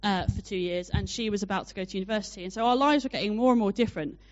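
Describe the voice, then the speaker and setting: A young woman preaching a sermon, telling a personal story in a chatty, animated way with many fillers. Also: mid-range voice, racing. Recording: dull lo-fi sound.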